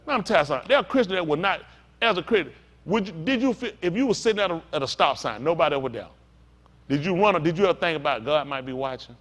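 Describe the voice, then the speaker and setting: A man's voice: on the high side, expressive, very fast, fairly bright tone. A male pastor teaching a sermon in a conversational storytelling way, talking straight to the congregation.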